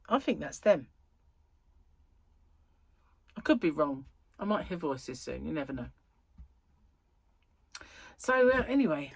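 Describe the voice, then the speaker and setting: Croaky, chatty woman vlogger. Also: deep voice, a little mellow, no echo. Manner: rambling, chatty, self-interrupting. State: croaky, tired and yawning. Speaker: crochet vlogger. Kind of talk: casual chat to viewers. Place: at home, indoors.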